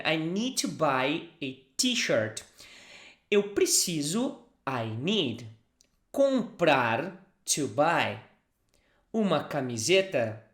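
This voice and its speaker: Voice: medium pitch, a bit bright. Southern Brazilian language teacher, native Portuguese, patient word-by-word delivery, echoey room. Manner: careful, repeats phrases word by word. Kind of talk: language lesson.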